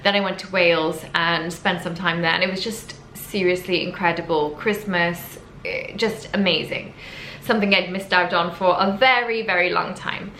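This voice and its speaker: A woman's voice: fairly low pitch, steady tone, moderate pace, bright, forceful tone. A young woman from the United Kingdom telling her story to camera in a chatty, emotional way, often correcting herself. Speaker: vlogger. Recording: echoey room with faint background noise.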